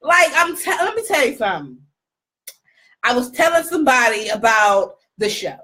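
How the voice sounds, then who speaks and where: A woman's voice: fairly high pitch, normal speed. A woman co-hosting a casual gossip show, telling stories animatedly, laughing and acting out what others said. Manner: animated, laughing, acts out quoted voices. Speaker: co-host.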